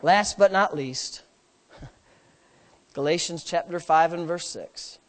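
A man preaching a sermon as pastor, repeating phrases in a rhythm, calling for amens, and swinging between hushed asides and loud outbursts. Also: a little high, takes it slowly. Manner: repetitive, rhythmic phrasing with calls for amen.

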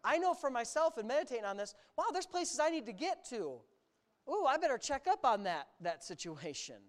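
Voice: high voice, sing-song, a little fast. A preacher from the United States delivering a sermon, talking emphatically, stretching words for emphasis and adding sarcastic asides.

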